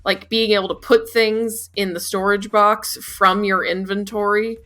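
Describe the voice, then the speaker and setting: This is a young adult woman in easy, offhand podcast chat with a friend. Her voice is bright and forward. She talks candidly, with a relaxed, unpolished, conversational rhythm, and swears in passing now and then. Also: medium pitch, a little slow. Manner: candid, chatty, swears casually. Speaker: podcast co-host. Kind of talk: casual chat about video games.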